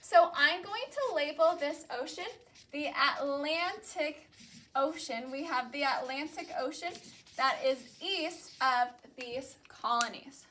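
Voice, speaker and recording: Slow, bright-voiced woman teaching a class. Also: high-pitched, a little hiss or hum. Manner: slow, clear, repeats words for students to echo. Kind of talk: classroom lesson with call-and-response.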